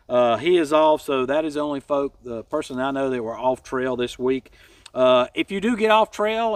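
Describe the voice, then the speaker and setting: A folksy man with a high voice hosts a casual trail update, rambling and joking at his own expense. The sound is dry and set back from a distant mic. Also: dry recording. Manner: folksy, rambling, self-deprecating jokes. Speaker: hiking channel host.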